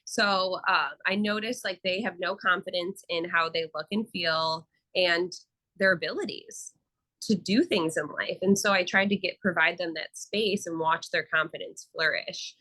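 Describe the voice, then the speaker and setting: Bright-voiced woman telling stories. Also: on the low side, moderate pace, low-quality recording. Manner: animated storytelling with acted quotes. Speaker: therapist guest. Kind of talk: casual interview talk.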